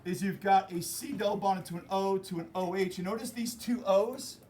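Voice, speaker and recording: A man teaching a chemistry class, explaining and joking with his students as he goes. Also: high voice. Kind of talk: classroom lecture.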